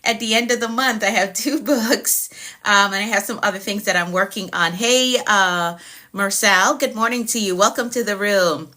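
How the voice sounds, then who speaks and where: A woman who works as a productivity coach, hosting a casual live stream and warmly greeting her viewers by name over and over. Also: medium pitch, moderate pace. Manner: upbeat, welcoming, repeats greetings to viewers by name.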